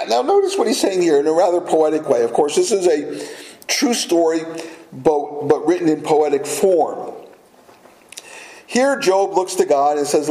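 A man's voice: on the high side, animated, measured pace, dark tone, roomy sound, low-quality recording. A man preaching a sermon as a pastor, earnest and repeating key phrases for emphasis.

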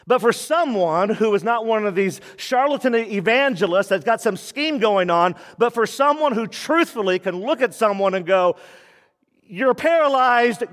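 A man preaching a sermon to his church, animated, acting out quoted voices and laughing often. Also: high voice, long reverb tail. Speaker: pastor.

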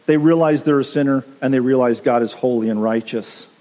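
A man's voice: mid-range voice, fairly quick, warm tone. A pastor preaching a sermon, earnest and direct, urging his listeners plainly. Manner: earnest, direct exhortation with quoted asides. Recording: long reverb of a large hall.

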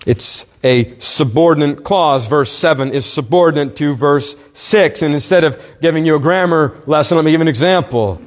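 Male pastor, fairly high voice, earnest emphatic sermon, long hall reverb. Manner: earnest, questioning, emphatic preaching with slowed stresses.

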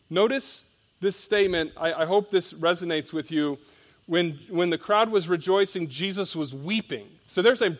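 Male pastor preaching, slightly high voice, reads scripture then explains it with strong emphasis and quiet drops. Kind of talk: sermon.

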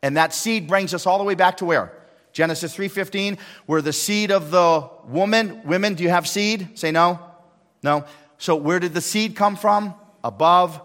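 A male pastor giving a sermon, swinging between hushed lines and loud emphatic ones. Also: high-pitched, normal speed. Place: church sanctuary. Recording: long hall reverb.

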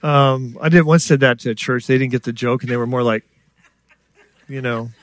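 Lively preacher man telling stories. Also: mid-range voice, normal speed. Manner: lively storyteller, acts out voices, jokes with the congregation. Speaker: guest preacher. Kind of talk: sermon with stories.

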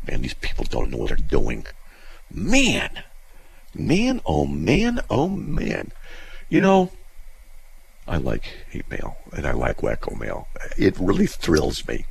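A male radio host reading listener mail aloud and mocking it in a sarcastic, animated way. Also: measured pace, creaky, breathy edge. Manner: sarcastic, mocking, animated with sudden pitch jumps.

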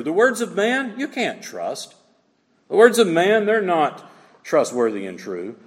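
A man preaching a sermon as a pastor, expressive, acting out small everyday scenes as he teaches. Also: high voice. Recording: reverberant hall.

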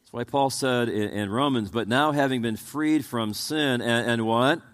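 A man's voice: mid-range voice, moderate pace, fairly bright tone. A man preaching a sermon as pastor, asking the congregation rhetorical questions and often stumbling over repeated words as he restarts his sentences.

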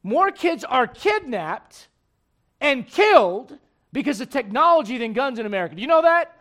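A man preaching a sermon as pastor of a church, emphatic and swinging between loud bursts and low asides. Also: sing-song, normal speed.

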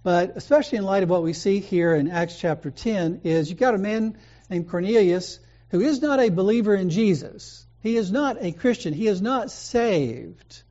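A man's voice: sits high, expressive, moderate pace, mellow. Man preaching in a dull, muffled recording. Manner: conversational storytelling preaching. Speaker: pastor. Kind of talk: sermon.

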